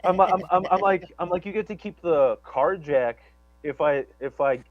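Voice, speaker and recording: A man's voice: sits high, normal speed, no room sound, muffled recording. A man telling a long story on a live talk show, rambling and profane, with many restarts and stammers. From Chicago area. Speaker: guest storyteller.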